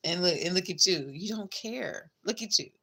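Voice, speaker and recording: Low-pitched, bright-voiced woman reading tarot. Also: lively intonation, normal speed, husky. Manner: chatty, blunt, swears casually, calls the listener babe and girl. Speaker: tarot reader. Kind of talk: casual tarot reading to a viewer.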